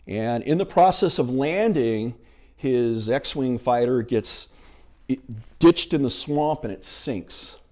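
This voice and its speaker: A middle-aged male minister giving a sermon, retelling a film scene in an animated storytelling manner. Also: medium pitch, slow.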